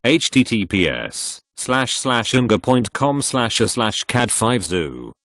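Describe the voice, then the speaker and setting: A man narrating online posts aloud, reading the text literally and even spelling out links and web slang. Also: medium pitch, slow, no room sound, clean studio sound.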